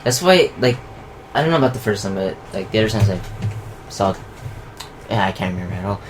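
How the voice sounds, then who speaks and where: A young man in casual movie commentary chat, relaxed and teasing, firing off quick questions. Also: lowish voice. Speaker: co-host. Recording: noisy room recording.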